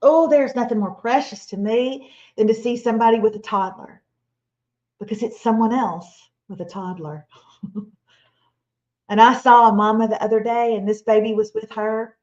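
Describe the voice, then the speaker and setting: A woman delivers a motivational Christian talk, her fairly high voice animated and playful. She sounds like she is in her forties. The webinar audio is slightly dull and lo-fi. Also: moderate pace. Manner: animated, playful, acts out imagined listeners and quotes. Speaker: webinar speaker.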